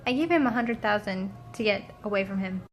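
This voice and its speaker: A woman travel vlogger telling a dramatic story in a casual, animated way and quoting the people she met. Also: mid-range voice, brisk, slight background noise, low-quality recording.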